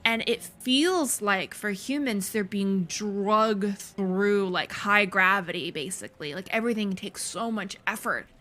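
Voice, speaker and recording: A woman hosting a gaming video, giving casual let's play commentary with quick, excitable exclamations. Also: mid-range voice.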